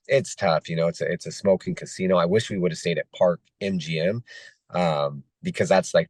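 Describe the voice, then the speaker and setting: Hoarse deep-voiced man. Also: darkish tone, dry recording. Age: 30s. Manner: halting, many restarts and fillers. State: hoarse, losing his voice. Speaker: guest fighter. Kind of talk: casual interview chat.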